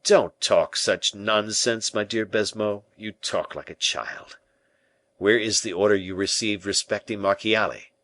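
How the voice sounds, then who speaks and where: A cool, unflappable schemer, read by a man, laying out commands with quiet self-possession. His voice is deep, and the close recording is dry. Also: unhurried, no room sound. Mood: coolly persuasive. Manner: calm, smooth, persuasive. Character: cool, scheming male musketeer-bishop. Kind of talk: audiobook character reading.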